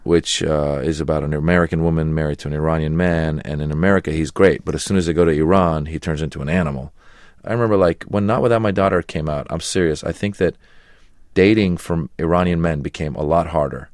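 A middle-aged man with a low, deep voice tells stories in a casual interview, animated and quick to imitate others. The sound is dry and close, with no room around it. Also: no echo. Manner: animated storyteller slipping into mimicked voices. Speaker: comedian guest.

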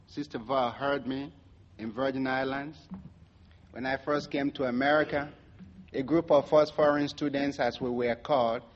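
A man's voice: medium pitch, muffled recording. A man speaking as an anthropologist, giving a public talk full of stories. He is wry and acts out the quoted dialogue. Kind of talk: public speech with storytelling.

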